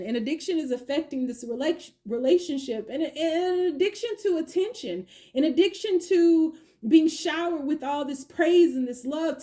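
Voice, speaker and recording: A woman giving a chatty tarot reading, slangy and playful, with quick asides. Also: high-pitched, dark tone. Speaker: tarot reader. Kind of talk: casual tarot reading monologue.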